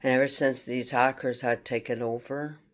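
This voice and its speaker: A woman from France, speaking in a halting, rambling personal video monologue and confronting unseen hackers. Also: rumbling low, fairly even intonation. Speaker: vlogger.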